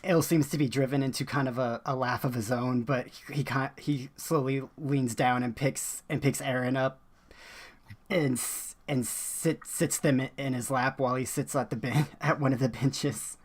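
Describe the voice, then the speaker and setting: A player narrating a character's actions at a tabletop game, halting and restarting often. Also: medium pitch, steady tone.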